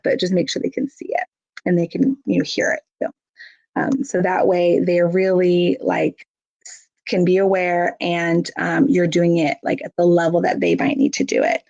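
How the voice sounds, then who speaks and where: Chatty woman with a gravelly voice. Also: on the low side, lively intonation, moderate pace, a little mellow. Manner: chatty, many fillers, acts out emotions in bigger voice. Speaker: parenting educator. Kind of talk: casual instructional talk. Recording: dull lo-fi audio.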